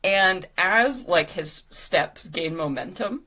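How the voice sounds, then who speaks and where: A woman running a tabletop game as game master, narrating scenes in an animated way and often laughing. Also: lowish voice, slow. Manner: animated, laughing, drops to hushed description.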